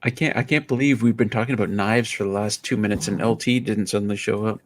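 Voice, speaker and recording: A man's voice: lowish voice, fairly even intonation, fast, slight background noise. A man co-hosting a casual livestream chat, laid-back and teasing.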